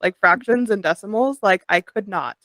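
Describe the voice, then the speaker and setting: A woman's voice: medium pitch, moderate pace, fairly bright tone, dry recording. A young woman co-hosting a podcast in casual chat, leading topics and laughing along. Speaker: podcast co-host.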